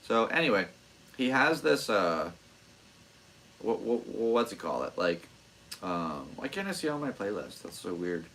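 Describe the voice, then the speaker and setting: A young man hosting his own podcast alone, chatting in a rambling, excitable, self-deprecating way. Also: on the low side, a little slow, slight background noise, rough recording. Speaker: podcast host. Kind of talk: rambling solo podcast chat.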